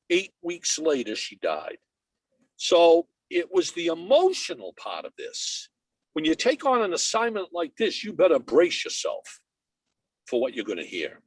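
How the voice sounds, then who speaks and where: An older man with a Boston accent tells stories on a video call. His voice sits high and swings widely up and down, with punchy, clipped phrases. The sound is dry and close. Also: dry recording, low-quality recording. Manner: animated storyteller, punchy short phrases. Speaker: interview guest. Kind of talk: anecdotal storytelling.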